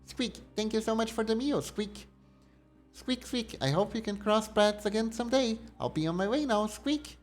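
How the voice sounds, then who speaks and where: A little hedgehog knight with a high, squeaky voice, as a man puts him on, very polite and gentle, tucking squeaks between his sentences. He sounds small and courteous, a wandering traveler. Soft game music plays faintly behind. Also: lively intonation, moderate pace.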